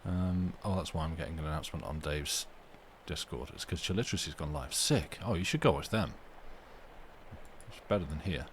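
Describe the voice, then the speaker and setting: A man's voice: very deep voice, fairly quick, slight background noise. A man hosting a live stream, chatting casually with his viewers in a rambling, self-interrupting way, at home. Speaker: livestream host reading stories aloud.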